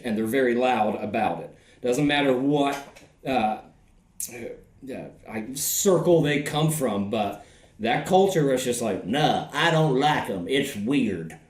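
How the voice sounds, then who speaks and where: A man's voice: mid-range voice, animated, moderate pace, roomy sound. A man with a Southern US accent, rambling and swearing in a casual podcast chat, full of fillers. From American South. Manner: profane, rambling, filler-heavy. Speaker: podcast host.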